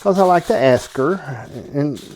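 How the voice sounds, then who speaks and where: This cooking-show host talks to camera from his home kitchen, folksy and joking with the person behind the lens and repeatedly asking "okay?". His fairly high voice is expressive and darkish in tone, at a moderate pace.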